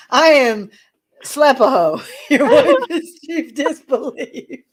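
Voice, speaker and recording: Slow, laugh-prone woman livestreamer. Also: high-pitched. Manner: bawdy joking, laughs constantly. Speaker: livestream co-host. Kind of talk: casual livestream chat.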